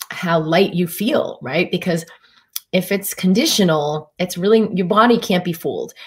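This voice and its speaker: Easygoing woman physician, slightly low voice. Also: husky. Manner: meandering, easygoing talk with frequent fillers and restarts. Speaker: physician hosting a live stream. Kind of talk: casual live-stream talk on wellness. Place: Durango, Colorado.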